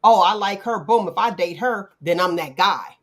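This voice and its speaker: A middle-aged woman hosting a casual talk show, animated and acting out quotes in playful voices. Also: mid-range voice, normal speed. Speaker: podcast host. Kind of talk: casual chat.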